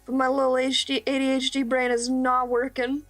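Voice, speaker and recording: A woman's voice: high-pitched, completely flat delivery, brisk, soft background music. A young woman streaming while she draws, chatting casually in a rambling, self-deprecating way and laughing often.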